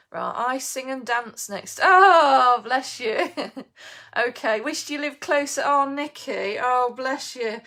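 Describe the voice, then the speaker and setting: A woman's voice: high voice, bright, forceful tone. A woman who runs a bakery shop, hosting a chatty live baking demo, reading out viewer comments and laughing easily. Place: home kitchen.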